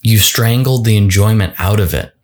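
Speaking at a moderate pace in a fairly low voice, a man hosts a solo motivational podcast. He keeps it casual, frequently restarting sentences and repeating words.

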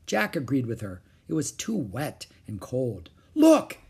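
A man reading a children's chapter book aloud with expressive, varied intonation. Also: medium pitch, measured pace, creaky, husky. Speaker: audiobook narrator.

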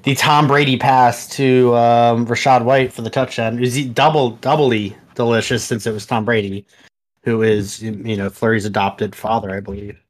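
A man's voice: medium pitch, fairly even intonation, normal speed. A man hosting a casual podcast, teasing his friends with crude jokes. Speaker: podcast host. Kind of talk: casual chat.

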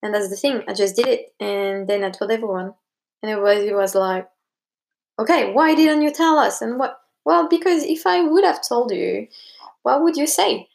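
A woman's voice: mid-range voice, moderate pace, creaky, darkish tone. A young woman talking casually to camera, giving advice. She rambles, with plenty of fillers and restarts, and acts out what other people said to her.

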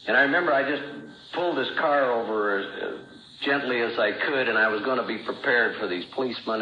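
A man's voice: on the low side, a little hiss or hum. Man telling his story in a roomy hall. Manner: plain-spoken storytelling, acting out remembered dialogue. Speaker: speaker sharing his recovery story. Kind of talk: personal testimony at a recovery meeting. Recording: roomy, dull old talk recording.

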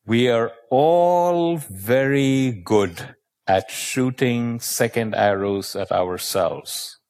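A man giving a motivational talk, telling stories and asking the audience questions, with slow emphatic words and dramatic pauses. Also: mid-range voice. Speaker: motivational speaker.

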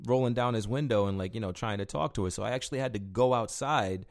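A man's voice: fairly low pitch, fast talker. A man chatting casually, telling rambling stories about bouncing at a bar, full of fillers and swearing. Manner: rambling storyteller, heavy filler words, swears freely. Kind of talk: casual chat.

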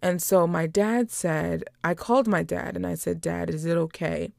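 A young woman casually recapping episodes as a podcast host, chatty and animated, acting out the quoted lines. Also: on the low side, normal speed, vocal fry, no room sound, studio quality.

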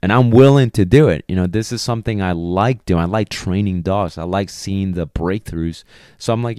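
A man who trains dogs, talking casually to his video audience as an animated storyteller who swears freely. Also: deep voice, normal speed, clear, resonant tone, no echo, studio quality. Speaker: dog trainer. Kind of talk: casual vlog talk.

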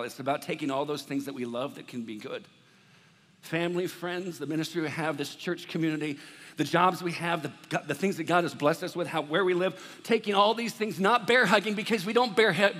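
High bright preacher man in a hall. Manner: conversational preaching with big swings from hushed to loud. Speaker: pastor. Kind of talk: sermon.

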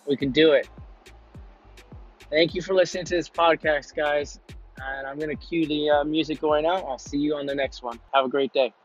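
A man's voice: a little high, steady tone, normal speed. A man hosting a podcast, telling a motivational story in an earnest way, often repeating himself and restarting his sentences. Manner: repetitive, earnest, stumbling restarts. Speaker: podcast host. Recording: muffled lo-fi with faint music.

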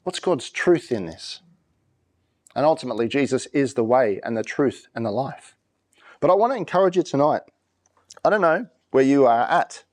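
A pastor preaching a conversational sermon, reading scripture slowly and with emphasis. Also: male voice, medium pitch, lively intonation, darkish tone.

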